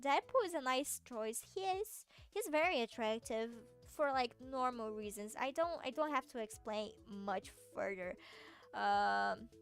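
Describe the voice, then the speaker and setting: A woman's voice: on the high side, lively intonation, measured pace, soft background music. A woman streamer chatting casually and playfully with her viewers, giggling and stumbling over restarts. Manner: playful, giggly, answers chat with stammering restarts. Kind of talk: casual livestream chat.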